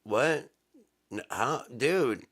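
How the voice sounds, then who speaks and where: A man's voice: low-pitched, animated, fast. A man voicing an overjoyed, tearful young man who gushes over a delivery driver. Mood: gushing. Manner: gushing, pleading, voice cracking upward.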